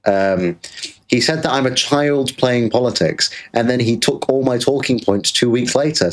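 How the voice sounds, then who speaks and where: A man's voice: mid-range voice, normal speed. A British man hosting a livestream, ranting sarcastically and swearing, tired and irritated. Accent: British English. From Britain. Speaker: livestream host. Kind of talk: casual livestream rant.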